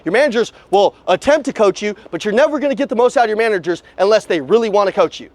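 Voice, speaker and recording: A man running a live sales coaching session outside at a car dealership, his voice pitched high and his words racing. He is blunt and profane and drills the trainees with one rhetorical question after another. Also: lively intonation, racing, dry recording.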